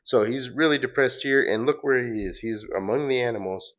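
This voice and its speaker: A man's voice: mid-range voice, fairly quick, fairly bright tone. A man hosting a casual comic-book read-along, rambling with fillers and self-corrections, on a dull lo-fi recording. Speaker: host reading and recapping comics.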